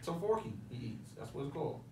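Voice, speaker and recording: A man co-hosting a casual podcast, animated and full of slang, often laughing. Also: a little high, a little fast. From American. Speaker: podcast co-host. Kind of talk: casual chat. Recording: roomy, distant mic, faint noise.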